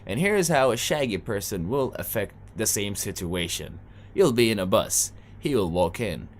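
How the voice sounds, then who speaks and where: A man's voice: lowish voice, lively intonation, normal speed, slight background noise. A young Sudanese man performing a stand-up comedy set, telling stories in a loose, chatty way. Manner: loose, conversational storytelling with playful asides.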